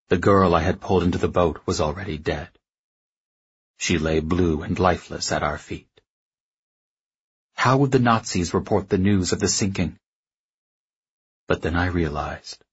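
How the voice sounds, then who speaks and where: A man narrating a novel in the first person with a sombre, measured delivery. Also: sits low, slightly rough, muffled recording. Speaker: audiobook narrator.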